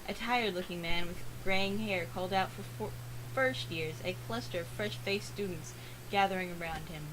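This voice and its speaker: A woman reading a visual novel aloud for a let's play, earnest, with dramatic pauses. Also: on the low side, background noise.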